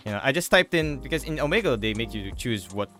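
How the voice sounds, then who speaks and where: A man hosting a casual chat, telling stories in an animated, halting way with many restarts. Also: medium pitch, soft background music.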